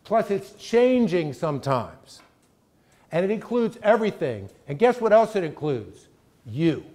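Middle-aged male guest lecturer, slightly high voice, emphatic and chatty, keeps asking "right?". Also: big pitch swings, a little slow, darkish tone. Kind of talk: conversational college lecture.

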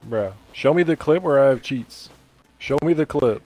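A man's voice: mid-range voice, expressive, normal speed, darkish tone, faint music behind, rough recording. A man from England in a game's voice chat, insistent and defensive as he protests being accused. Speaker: game player accused of cheating. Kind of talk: in-game voice chat.

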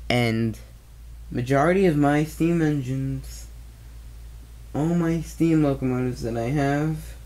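A man's voice: medium pitch, slow, a little mellow. A man giving a casual toy train review, hesitant and often correcting himself mid-sentence.

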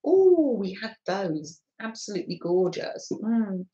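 Lively, slow-talking North London woman. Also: mid-range voice. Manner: chatty, giggly, reads out viewer comments. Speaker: craft live-stream host. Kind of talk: casual live-stream chat with viewers. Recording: echoey room, slightly dull sound.

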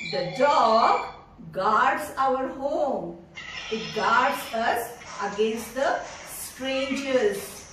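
A woman, teaching preschoolers slowly and in a sing-song way. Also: a little high, a bit bright, a little hiss or hum. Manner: sing-song, slow and drawn out, imitates animal sounds. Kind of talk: teaching young children. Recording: echoey room from far off.

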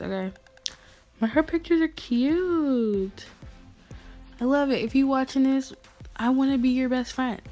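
A young woman vlogger chatting casually and gushing as she reads fan messages aloud. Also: fairly high pitch. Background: faint music.

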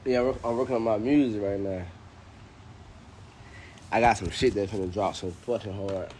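A man's voice: lowish voice, fairly even intonation, normal speed, darkish tone. A young man and father, chatting casually on a vlog while he films his toddler, laughing and teasing in a loose, profane way. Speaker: vlogger and father. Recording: noisy home video.

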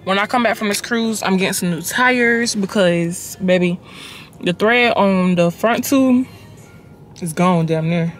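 A young woman vlogging from her car, chatting casually to her phone camera in a slangy, expressive way, swearing freely. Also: medium pitch, a little slow, faint music behind. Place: inside a car, on the road.

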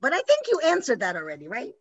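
A woman host with a fairly high voice jokes with her guests and reads viewer comments. The sound is the dull, lo-fi audio of a video call. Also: huge pitch swings, quick pace, husky. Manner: playful, teasing, reads comments from the chat. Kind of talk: casual talk-show chat on a video call.

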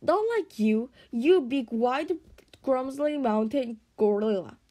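A woman's voice: high voice, expressive, slow, mellow, full character voice. A woman voicing a small, cheeky, greedy male pet dragon who whines and talks about himself by name in a storybook reading. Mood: grumbling. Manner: whiny, speaks of himself by name.

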